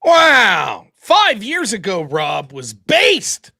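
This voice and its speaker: A man's voice: high voice, huge pitch swings, very slow, vocal fry, sharp tone. Angry, profane male livestream host. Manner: angry, profane, rhetorical questions. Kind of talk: profane political rant on a livestream.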